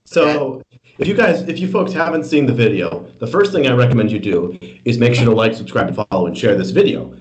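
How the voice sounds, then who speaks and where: Podcast co-host, male, casual political banter, animated and wry. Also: medium pitch, rough recording. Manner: animated, halting restarts, mocking asides.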